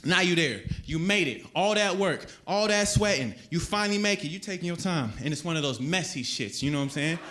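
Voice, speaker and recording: Profane stand-up comedian, animated and loud. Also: male voice, a little high, a little fast, hardly any pauses. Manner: profane, animated, acts out voices.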